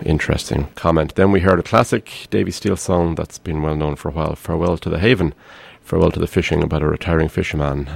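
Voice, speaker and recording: Deep gravelly male radio host. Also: a little mellow, no room sound. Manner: easygoing, reads out album notes with brief asides. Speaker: radio music show host. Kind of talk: back-announcing tracks on radio.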